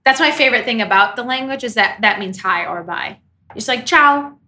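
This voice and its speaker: A woman's voice: medium pitch, fast talker, pushed and bright. A young woman co-hosting a podcast, chatting casually and rambling with fillers, often laughing. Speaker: podcast co-host. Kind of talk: casual chat.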